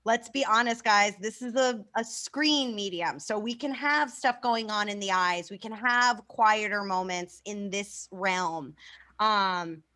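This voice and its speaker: A woman's voice: mid-range voice, takes it slowly, sharp tone. A woman improv teacher giving class feedback over a video call, enthusiastic and casual, swearing freely.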